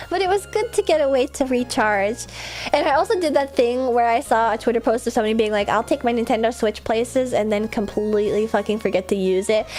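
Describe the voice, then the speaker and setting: A young woman livestreamer chatting casually, bubbly and rambling, laughing often and swearing offhand. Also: high voice. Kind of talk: casual stream chat.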